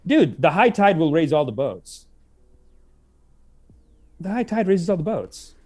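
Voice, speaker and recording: High, lively joking man. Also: measured pace. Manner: joking, laughs often. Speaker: podcast co-host. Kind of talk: casual chat.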